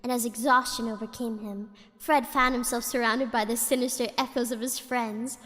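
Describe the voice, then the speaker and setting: A woman's voice: fairly high pitch, steady tone, moderate pace, a bit bright, long reverb tail. A woman streamer reading a spooky story aloud in a casual way, giggling often and breaking off to chat.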